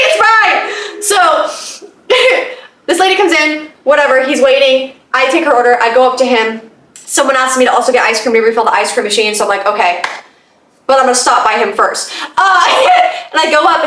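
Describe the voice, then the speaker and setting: A young woman with a fairly high voice tells a personal story in a loose, chatty podcast style, swearing freely and laughing out loud. She sits a bit back from the mic, and the room around her echoes. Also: far from the mic. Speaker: podcast host. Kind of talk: casual storytelling.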